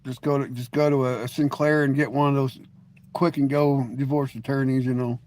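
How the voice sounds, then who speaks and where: A man's voice: medium pitch, level tone, brisk, a little mellow. A middle-aged man hosting a live stream, chatting casually with viewers. He rambles, jokes and leans on "you know" as he talks. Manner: rambling and joking, full of "you know" and restarts.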